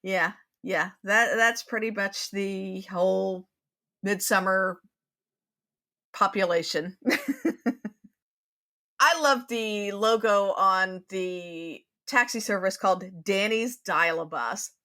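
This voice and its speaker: A woman's voice: medium pitch, slow pace, long pauses, pushed and bright. A woman co-hosting a TV recap podcast, chatting casually, laughing often and reading a history segment steadily. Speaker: podcast co-host.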